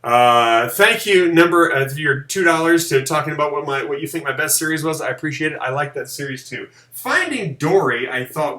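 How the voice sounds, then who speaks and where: A man hosts a live stream in a loose, joking way, his voice bright and a little high for a man. The room is echoey around him. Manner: animated, jokey, does mocking high voices. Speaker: live show host. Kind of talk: casual live-stream chat.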